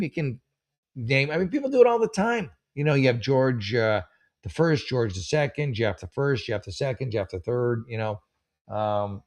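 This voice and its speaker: A man hosting a casual comedic commentary show, rambling and self-mocking, with many restarts and drawn-out punchlines. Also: mid-range voice. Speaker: host.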